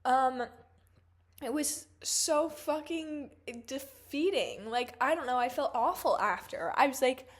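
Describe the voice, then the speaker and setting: A young woman in her twenties vents through a storytime vlog, her voice sitting a bit high for a woman. She talks casually and swears freely, padding her sentences with "like" and "um." The tone stays chatty and animated throughout. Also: slow. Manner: chatty, profane, animated, lots of "like" fillers. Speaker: vlogger.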